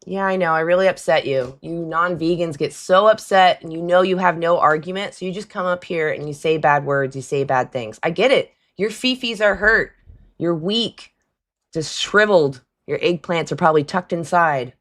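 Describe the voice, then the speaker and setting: Brief: woman host, bright forceful tone, blunt and exasperated with callers. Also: on the low side, normal speed. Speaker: livestream host taking callers. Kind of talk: live call-in debate stream.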